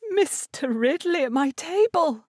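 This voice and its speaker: A woman voicing a proud, stubborn middle-aged mother in a Regency audiobook, speaking in a brisk, clipped, weary way. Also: high voice, animated, dry recording, clean studio sound, voice pushed up. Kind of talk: audiobook character reading.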